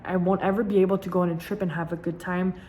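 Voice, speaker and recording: A young woman talks candidly to her camera, leaning on repeated words for emphasis. Her voice sits a little low for a woman, and a faint noise floor hums under the recording. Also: flat delivery, quick pace, a little mellow. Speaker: vlogger. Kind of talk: casual personal storytelling.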